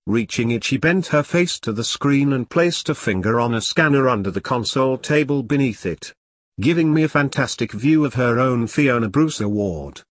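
A man narrating a first-person detective novel in a wry, deadpan, self-mocking way. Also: medium pitch, moderate pace, dry recording, clean studio sound. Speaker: audiobook narrator.

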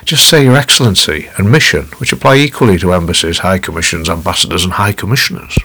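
A man voicing a poised female cousin who gives crisp, commanding advice. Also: low voice, sharp tone, exaggerated voice. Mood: instructive. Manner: brisk and commanding.

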